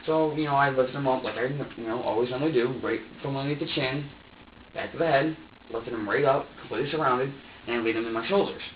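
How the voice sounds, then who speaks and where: A man's voice: mid-range voice, fast, slight background noise. A man under police questioning who gives a rambling, profane account full of restarts and acts out what he was thinking. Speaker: suspect being questioned. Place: interrogation room. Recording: distant, echoey, dull room recording.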